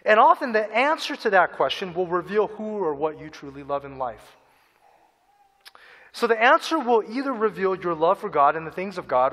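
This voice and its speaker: A man's voice: a little high, fairly bright tone, in a large hall. A man preaching a sermon in earnest, acting out people's inner voices and repeating phrases for emphasis. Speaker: pastor.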